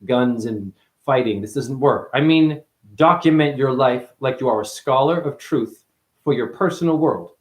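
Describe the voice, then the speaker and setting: A man delivering a rambling spiritual monologue, profane and full of wordplay, who calls the listener honey and swings from mutters to excited outbursts. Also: mid-range voice, moderate pace. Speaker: spiritual speaker. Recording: roomy echo.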